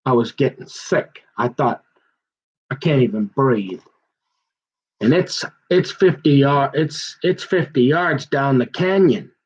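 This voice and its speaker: A man telling a long, aggrieved personal story in a rambling monologue, halting and restarting his sentences as he goes. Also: mid-range voice, husky. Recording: dull muffled lo-fi recording.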